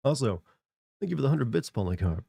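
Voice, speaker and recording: A man's voice: mid-range voice, big pitch swings, brisk, vocal fry, dark tone, slightly rough, dry recording, clean studio sound. A congested man streaming, rambling casually as he answers chat. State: congested from a cold.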